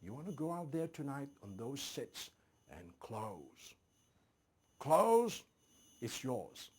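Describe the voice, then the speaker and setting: A man's voice: mid-range voice, very animated, takes it slowly, a little hiss or hum. A man playing a raging sales boss. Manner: shouting, insulting.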